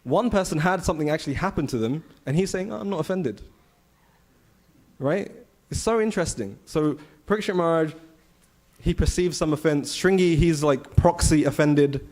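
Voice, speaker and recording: Male temple speaker, slightly high voice, chatty storytelling scripture class. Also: normal speed. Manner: conversational, animated storytelling with rhetorical questions. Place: temple hall.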